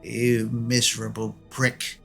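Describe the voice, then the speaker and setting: A weary old grandmother, husky and worn down, speaking with tired resentment, as a man puts her on. She pleads and grumbles more than she argues. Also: mid-range voice, completely flat delivery, slow pace, faint music behind, full character voice.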